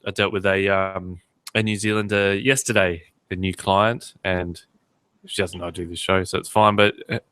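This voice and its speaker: A man's voice: sits low, little pitch movement, moderate pace, pushed and bright, clean tone, no echo. A man with an Australian accent co-hosting a podcast in casual, joking chat with many fillers. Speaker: podcast co-host.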